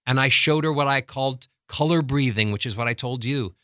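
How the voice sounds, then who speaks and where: Male voice coach, animated, acts out little scenes, bright tense tone, dead dry sound. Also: mid-range voice, fairly quick, few pauses, no room sound. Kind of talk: instructional talk with acted examples.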